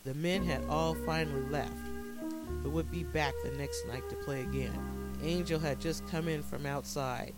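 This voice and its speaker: Higher-voiced man narrating a dark story. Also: fairly even intonation, loud music behind the voice, poor audio. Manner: dramatic, measured storytelling.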